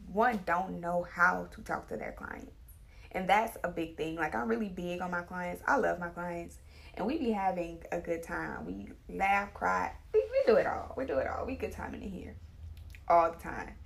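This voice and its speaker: A woman's voice: fairly low pitch, measured pace, creaky. A woman hairstylist, talking in a chatty, emphatic casual monologue. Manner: chatty, animated, emphatic, with dialect grammar. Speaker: hairstylist and salon owner.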